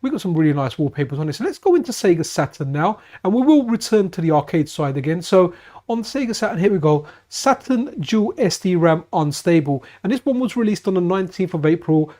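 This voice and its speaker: A streamer and channel host plays retro games at a friend's house, chatting casually on a live stream. His high, warm voice is animated and a little fast, and his enthusiastic talk keeps restarting.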